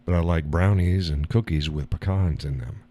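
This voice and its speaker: An American man hosting a live stream, chatting casually and reading viewer comments, relaxed and rambling with frequent laughs, a little tired. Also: deep voice, normal speed. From United States.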